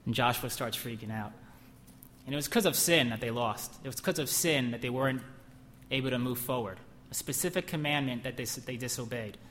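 A man's voice: mid-range voice, brisk, a bit bright, a little hiss or hum. A young man preaching a conversational sermon who sometimes bursts into emphasis. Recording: echoey hall, faint ambience.

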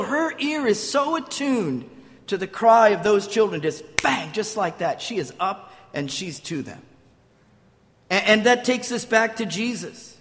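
Older man, pastor, sermon, high voice, storytelling, long hall reverb. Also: a bit bright. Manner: storytelling with restarts, acts out quotes.

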